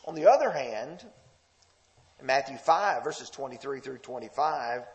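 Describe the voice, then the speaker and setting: A man's voice: mid-range voice, expressive, unhurried. A man preaching a sermon, leading listeners through texts verse by verse with emphatic, sometimes confrontational delivery.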